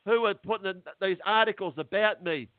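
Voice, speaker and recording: Middle-aged man, phone-in guest, fairly high voice, halting and agitated, dry tinny line. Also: no room sound. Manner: agitated, halting, repeats words. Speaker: interview guest. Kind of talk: phone interview.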